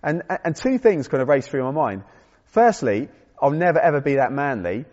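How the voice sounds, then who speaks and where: A man's voice: mid-range voice, lively intonation, moderate pace, a little mellow. A man preaching a conversational sermon with self-deprecating humor and frequent restarts. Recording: dull sound in a reverberant hall.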